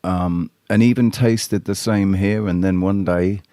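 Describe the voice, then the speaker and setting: Low-voiced man rambling on a livestream. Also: fairly even intonation, a little slow, warm tone, dry recording, clean studio sound. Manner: rambling, blunt, swears freely; addresses chat viewers directly. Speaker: live streamer. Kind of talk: casual livestream chat with viewers.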